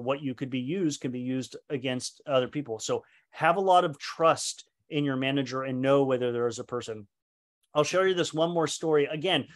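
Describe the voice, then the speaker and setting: A man giving a professional training lecture in an earnest, conversational way, acting out dialogue between employees and managers. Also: fairly high pitch. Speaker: leadership trainer.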